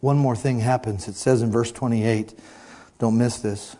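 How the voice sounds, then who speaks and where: A man preaching a sermon to a congregation, playful and teasing, swinging from loud outbursts to quiet asides. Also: mid-range voice, steady tone, a little slow.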